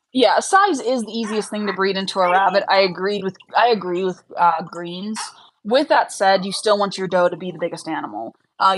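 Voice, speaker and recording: Her voice sits on the low side as this young rabbit breeder runs a laid-back livestream, talking openly with her audience and fielding questions full of fillers. There's slight background noise and the recording quality is low.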